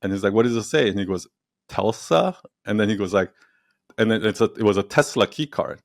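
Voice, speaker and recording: A man's voice: lowish voice, fairly even intonation, fast, no echo, studio quality. A man speaking as a guest in a casual interview, telling stories animatedly, acting out quotes and laughing often. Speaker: podcast guest, entrepreneur and storyteller.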